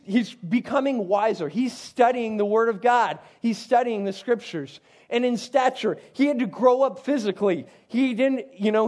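A youth pastor explains a Bible passage in a relaxed, chatty way, often turning aside to talk straight to his listeners. His voice sits notably high for a man. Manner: conversational, digressive, frequent asides to listeners. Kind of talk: casual Bible teaching.

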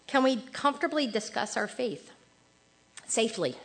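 A middle-aged woman giving an informal sermon to women, chatty and animated, acting out little quoted lines. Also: fairly high pitch, normal speed. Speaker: women's ministry speaker.

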